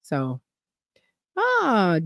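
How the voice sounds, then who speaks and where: A woman's voice: mid-range voice, wildly swooping pitch, drawn-out words, a bit bright, no room sound, studio quality. A woman hosting a gardening channel livestream, chatting casually and rambling as she reads viewer comments aloud.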